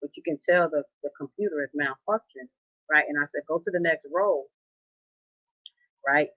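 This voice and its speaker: A woman telling a story in a casual, animated way, often repeating herself and quoting what people said. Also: low voice, moderate pace, dry recording, dull audio. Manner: animated, conversational, repeats herself, quotes others. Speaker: storyteller recounting a casino dispute.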